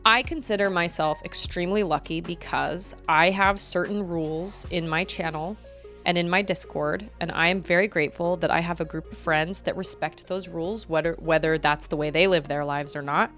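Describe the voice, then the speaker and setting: A woman streaming live and chatting casually with her viewers while gaming, talking in a loose, animated way with many "like" fillers. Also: fairly low pitch, moderate pace, soft background music.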